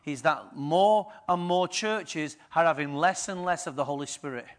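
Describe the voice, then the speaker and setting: Here a pastor with a slightly high voice preaches at a normal pace. He throws rhetorical questions at his listeners while alternating between soft and loud delivery.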